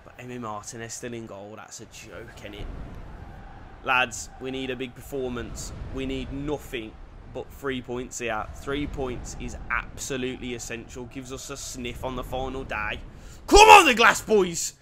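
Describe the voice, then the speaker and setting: A young man giving lively commentary over a football video game, dropping to quiet play-by-play and bursting into shouted cheers. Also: mid-range voice, normal speed, background noise. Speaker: gaming YouTuber.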